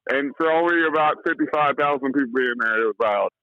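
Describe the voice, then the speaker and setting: A man's voice: medium pitch, quick pace. Stammering male fan calling in. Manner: stammers and restarts, eager fan. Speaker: caller. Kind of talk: phone-in sports chat. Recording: muffled phone-call audio.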